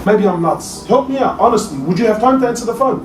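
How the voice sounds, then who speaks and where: A male preacher giving an animated sermon to a crowd, often rising to near-shouts and calling listeners brother. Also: high-pitched, quick pace, slight background noise. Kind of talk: passionate sermon. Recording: echoey hall, mic at a distance.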